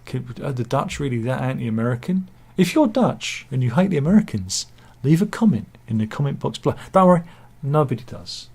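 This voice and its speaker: A man's voice: medium pitch, animated, fairly quick, creaky, hardly any pauses, warm tone, breathy edge. A man giving casual satirical news commentary, full of wry self-mocking asides and mock-dramatic quips. He talks over pictures he shows. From England.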